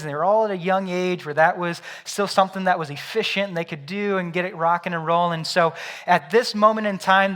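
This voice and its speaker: A young man, a pastor, preaching a sermon in a conversational way, often tossing in "right?" and moving between lively storytelling and quiet reflection. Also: high-pitched. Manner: builds loud through storytelling, drops quiet and soft for reflection.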